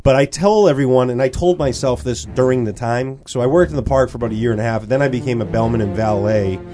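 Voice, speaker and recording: A man's voice: medium pitch, quick pace. A male radio co-host in casual banter, recounting his past jobs in a chatty, self-mocking way.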